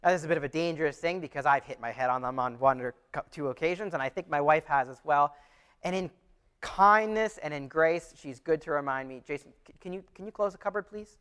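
A man with a high voice preaches to his congregation. He talks in an earnest, conversational way and often trips over and restarts his phrases as he works through a passage. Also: fairly quick, a bit bright, clean tone. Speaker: pastor. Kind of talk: sermon.

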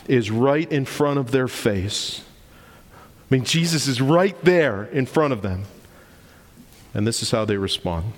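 A man preaching a sermon as pastor, earnest and emphatic, slowing down and repeating lines for stress. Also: mid-range voice. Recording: long reverb of a large hall.

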